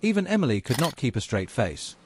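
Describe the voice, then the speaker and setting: A man's voice: mid-range voice, big pitch swings, a little fast, slight background noise. A man reading a scripted voice-over that introduces clips in a teasing promo delivery. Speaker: compilation narrator.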